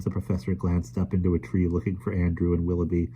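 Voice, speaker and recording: A man reading a children's book aloud in an expressive storytelling manner. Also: low voice, fast. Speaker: audiobook reader.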